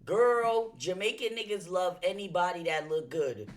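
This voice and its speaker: A woman's voice: fairly low pitch, moderate pace. Blunt, profane woman reacting on stream. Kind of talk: casual reaction chat.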